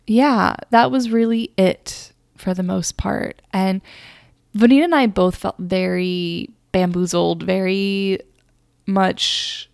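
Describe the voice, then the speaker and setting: Gravelly-voiced woman telling a story. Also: mid-range voice, a little mellow, no room sound, studio quality. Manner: rambling, filler-heavy, earnest. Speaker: podcast host. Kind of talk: casual storytelling monologue.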